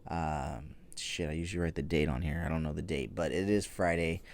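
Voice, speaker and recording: A man's voice: very deep voice, steady tone, a little fast, creaky. A man hosting a toy news podcast, chatting casually and rambling with frequent fillers and casual swearing. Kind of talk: casual solo podcast chat.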